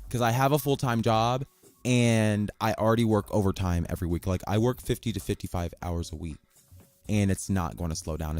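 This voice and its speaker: A man hosting his own podcast in a casual monologue, sassy and profane, swinging his pitch up and down as he jokes. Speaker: podcast host.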